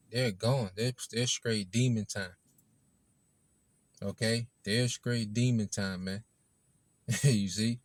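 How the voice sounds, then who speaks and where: A man preaching an informal sermon in a blunt, rough-edged way, often tagging his lines with "man" and "okay". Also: mid-range voice, no room sound. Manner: rough-edged, swears casually.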